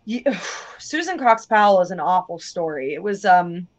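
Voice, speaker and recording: A woman's voice: fairly low pitch, expressive, normal speed. A woman guest on a casual livestream who rambles, loses her train of thought and says "like" a lot.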